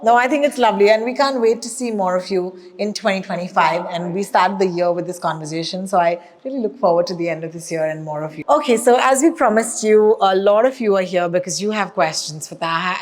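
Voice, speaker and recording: A woman hosting a live audience Q&A in an upbeat way. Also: mid-range voice. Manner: upbeat, quick. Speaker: host. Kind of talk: moderating a live Q&A. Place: event hall.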